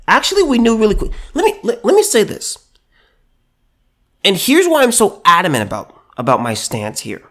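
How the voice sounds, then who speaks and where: A man's voice: high-pitched, big pitch swings, moderate pace, fairly bright tone. A man giving sarcastic, indignant opinion commentary, often repeating and stammering over his words.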